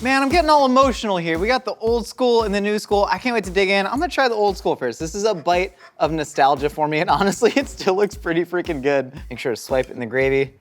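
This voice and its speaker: A man's voice: sits high, quick pace, hardly any pauses, soft background music. A young man hosting a cooking show, joking with his crew as he demonstrates a recipe. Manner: jokey, excitable, talks to the crew.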